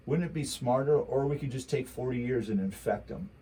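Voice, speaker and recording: A man's voice: mid-range voice, a little fast, hardly any pauses, mellow, a little hiss or hum, poor audio. A man talking politics in a casual chat, ranting heatedly with lots of rhetorical repetition. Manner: mocking quoted voices.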